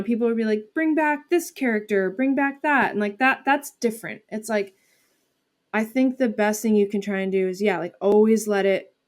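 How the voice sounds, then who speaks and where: A woman's voice: medium pitch, darkish tone. A woman comedian and actor chatting casually as an interview guest, talking loosely with many fillers and restarts.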